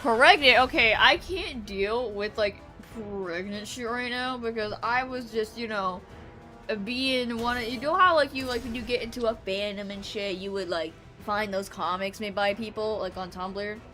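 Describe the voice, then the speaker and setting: Excitable high-pitched young woman streamer. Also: normal speed, soft background music. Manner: excitable, swears freely, bursts into shouts. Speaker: VTuber streamer. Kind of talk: casual live gaming stream chat.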